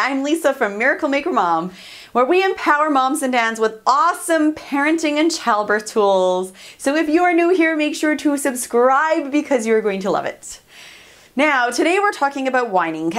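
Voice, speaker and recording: A woman hosting a parenting channel, giving casual advice to camera in a chatty, upbeat way, often laughing and acting out what to say. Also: high-pitched. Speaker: parenting coach and channel host.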